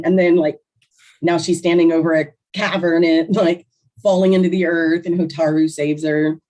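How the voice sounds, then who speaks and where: A woman's voice: deep voice, fairly even intonation, moderate pace, warm tone, rough recording. A woman co-hosting a podcast, chatting casually and filling her talk with "like". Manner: chatty, heavy use of "like", eating cookies while talking. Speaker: podcast co-host. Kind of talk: casual chat.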